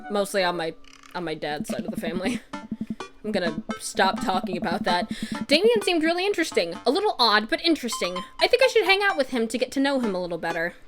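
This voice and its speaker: A woman narrating her way through a dating game with a somewhat high voice. She talks casually and jokes as she goes, drifting into rambling asides, and music plays behind her. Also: a bit bright. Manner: jokey, rambling asides, laughs often. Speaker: gamer. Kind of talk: let's-play narration.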